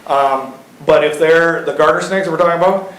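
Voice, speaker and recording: A man's voice: on the high side, brisk, a bit bright. A man in his thirties from Iowa speaking to a city council as the local reptile keeper. He talks in a casual, folksy way, full of fillers and stories. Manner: chatty and folksy, lots of fillers and anecdotes. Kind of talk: casual storytelling at a public meeting. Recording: roomy council chamber sound.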